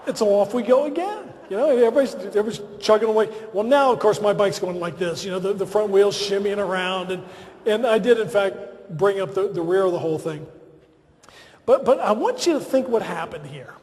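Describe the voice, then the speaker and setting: A man's voice: high voice, fairly quick. A man giving a humorous, self-deprecating after-dinner speech at a podium in a large banquet hall. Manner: self-deprecating, lively storytelling.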